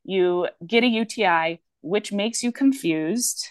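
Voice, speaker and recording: A woman's voice: mid-range voice, slow pace, no room sound. A woman speech-language pathologist in casual podcast chat, rambling with frequent fillers and restarts.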